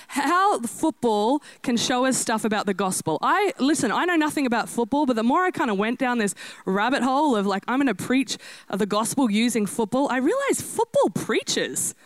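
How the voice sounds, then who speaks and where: A woman preaching a lively, self-deprecating sermon to a church congregation. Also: fairly high pitch, no room sound. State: out of breath. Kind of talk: energetic sermon.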